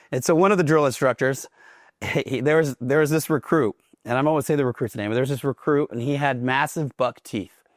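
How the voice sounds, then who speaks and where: A man from Oklahoma tells stories casually, swearing freely and laughing as he talks. His voice sits at a middle pitch. The sound is dry and close, with no room echo. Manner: profane, laughs while telling stories. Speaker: guest veteran. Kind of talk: casual storytelling.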